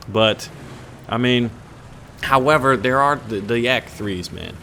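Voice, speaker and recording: A man's voice: medium pitch, lively intonation, measured pace, pushed and bright, slight background noise. A man hosting a gaming channel, chatting casually over his gameplay in a rambling, joking way with lots of fillers and restarts.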